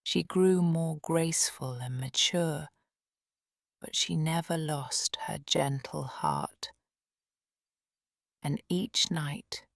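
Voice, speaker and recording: A woman narrating a storybook audiobook slowly and softly, often in a near whisper. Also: deep voice, creaky, no room sound, studio quality. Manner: slow, soft, often whispered.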